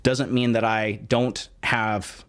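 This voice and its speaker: A man's voice: lowish voice, flat delivery, slow, fairly bright tone. Joking American man, defensive commentary. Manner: joking, defensive, swears casually. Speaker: YouTuber reacting to a clip. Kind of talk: casual video commentary.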